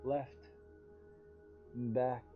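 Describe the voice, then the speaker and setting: Calm man guiding a yoga stretch. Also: mid-range voice, phone-quality sound, over music. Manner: calm, soothing, drawn-out cues with sighs of relief. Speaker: yoga teacher. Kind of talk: guided yoga instruction. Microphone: livestream.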